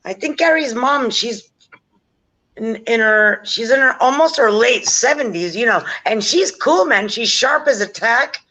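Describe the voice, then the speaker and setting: A woman on a casual chat stream, telling stories in an animated way and acting out quotes. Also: fairly high pitch, unhurried, low-quality recording. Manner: animated, laughing, acts out quotes.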